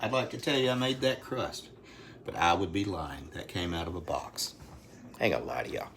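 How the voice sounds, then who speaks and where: Speaking from his phone at home, this middle-aged Alabama man runs a laid-back live stream, chatting folksily, wandering off on tangents, and calling out viewers by name. He has a deep, fairly bright voice, talks fast with plenty of animation, and there's slight noise in the background.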